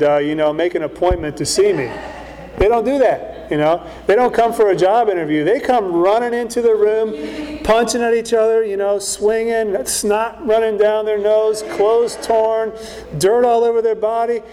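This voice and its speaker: A middle-aged male pastor delivers a sermon in a high, light voice. He talks plainly and conversationally, often tossing in a questioning "right?" to the congregation. His voice carries a long reverb from the church hall. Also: darkish tone, slight background noise.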